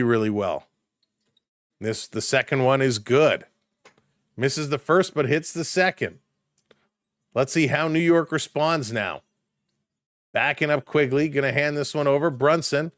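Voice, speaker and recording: A man doing live play-by-play commentary for a stream, calling plays quickly and chatting with viewers in between. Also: on the high side, dry recording, studio quality. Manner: rapid play calls, rising excitement on big plays, chatting with viewers.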